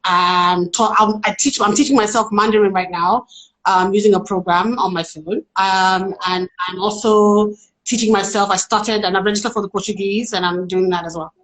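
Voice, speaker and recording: A woman's voice: mid-range voice, steady tone, normal speed, a bit bright, low-quality recording. A young woman chatting playfully on a live phone stream. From Nigeria. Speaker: guest, actress. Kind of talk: casual live chat.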